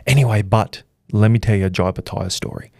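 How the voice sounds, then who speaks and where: A man's voice: lowish voice, fairly quick, darkish tone, no echo, clean studio sound. A man, hosting a boxing channel and recapping behind-the-scenes days in a chatty, storytelling way with lots of fillers. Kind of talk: casual recap to camera.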